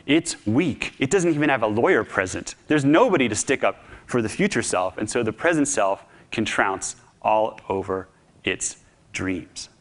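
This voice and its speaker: A man giving a public talk, telling a story in an animated, humorous, conversational way. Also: fairly low pitch, moderate pace. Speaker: speaker.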